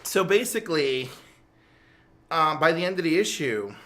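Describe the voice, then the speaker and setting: A man's voice: fairly high pitch, normal speed. A man co-hosting a casual chat in a game store. He tells stories animatedly and rambles, filling his talk with "like". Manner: animated storyteller, full of "like". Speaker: co-host.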